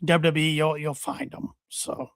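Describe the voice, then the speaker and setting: A man co-hosting a casual wrestling podcast, talking in a halting way and often repeating his words. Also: a little high, flat delivery, fairly bright tone, no room sound, studio quality. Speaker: podcast co-host.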